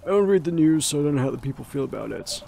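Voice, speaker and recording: A man doing a gravelly, mumbling homeless man. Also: animated, very fast, dark tone, slight background noise. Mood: weary. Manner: low mumbling hobo voice. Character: scruffy homeless man, hopeful and humble.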